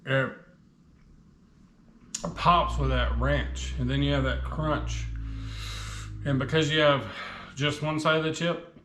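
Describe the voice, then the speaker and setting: A man's voice: on the high side, steady tone, slow pace, pauses often, a bit bright, echoey room, a little hiss or hum. A man casually reviewing spicy chips on his vlog, chatting with his mouth full while the heat burns. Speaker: food reviewer.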